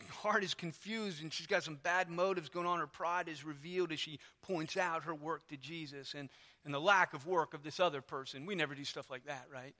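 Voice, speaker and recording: Chatty male preacher, high and bright. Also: fairly quick. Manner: conversational, storytelling, lots of asides. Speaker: pastor. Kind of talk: sermon. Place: church.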